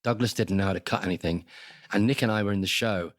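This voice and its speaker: An older man with a softened Liverpool accent, telling wry, lively anecdotes as an interview guest. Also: on the low side, fast talker, no room sound, clean studio sound. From Liverpool, England. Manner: lively storyteller, wry, animated asides. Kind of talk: conversational anecdotes.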